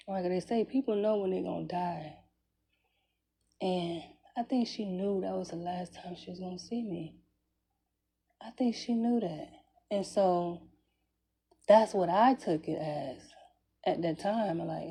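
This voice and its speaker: A woman's voice: mid-range voice, normal speed, mellow. A woman, telling a personal story in a candid, conversational way, swearing freely and chuckling between phrases. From Jacksonville, Florida, US. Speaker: vlogger.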